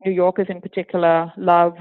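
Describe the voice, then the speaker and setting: Woman guest from Singapore, hybrid accent with a touch of British, lively and chatty, dry tinny phone-like sound. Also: fairly low pitch, a little fast, no room sound. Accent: hybrid with a hint of British. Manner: animated, laughs often, breaks into acted quotes. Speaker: interview guest, former teacher. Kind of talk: casual interview conversation.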